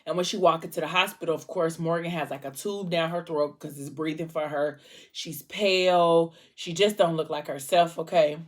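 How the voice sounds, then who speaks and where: Low-pitched woman vlogger casually retelling a story with plenty of fillers. She talks like she is chatting with friends. Her delivery stays conversational as she acts out bits of dialogue. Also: steady tone, normal speed. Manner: retells a book plot, acting out dialogue. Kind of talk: casual storytelling while eating.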